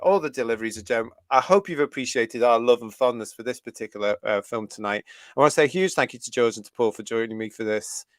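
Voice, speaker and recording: A man's voice: medium pitch, fast talker, dry recording, studio quality. Chatty British man hosting a live stream. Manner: chatty and enthusiastic, laughing often. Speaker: host of a fan review livestream. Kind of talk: live stream chat, reading viewer comments.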